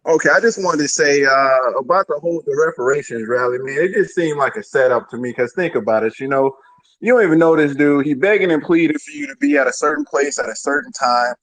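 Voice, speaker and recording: A man's voice: on the high side, quick pace, fairly bright tone, no room sound, poor audio. Laid-back male caller, dry sound. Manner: casual, laid-back, "you know". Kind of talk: call-in commentary.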